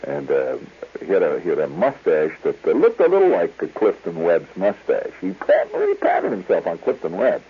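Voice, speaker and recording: A man's voice: low voice, wildly swooping pitch, normal speed, slightly rough. A man hosting a radio show, telling a digressive story in a chuckling, storytelling way. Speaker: radio host. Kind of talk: rambling storytelling monologue. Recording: tinny 1970s radio broadcast.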